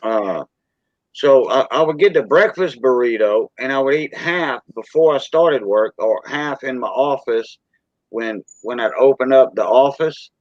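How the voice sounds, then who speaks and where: A Cajun man from South Louisiana hosting a live stream and chatting loosely, tossing in lots of "you know" as he rambles. His voice sits at an ordinary middle pitch. The recording is dry and close, with no room sound. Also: measured pace, no room sound, highs cut off. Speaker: stream host. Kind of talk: casual chat on a live stream.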